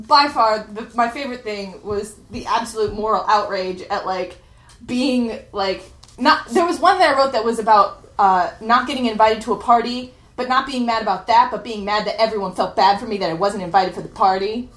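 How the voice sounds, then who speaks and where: A young adult woman reading her old teen blog aloud for laughs, in a lively, self-mocking way, full of "like" fillers. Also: a little high, normal speed. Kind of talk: comic live reading to a laughing audience. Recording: echoey room with faint noise.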